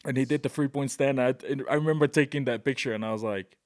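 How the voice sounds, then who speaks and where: Male guest from Tonga, mid-range voice, lively anecdotes, dry podcast mic. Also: mid-range voice, quick pace, dry recording. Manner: animated, excitable, peppers speech with "right?" and "bro". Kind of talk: casual storytelling.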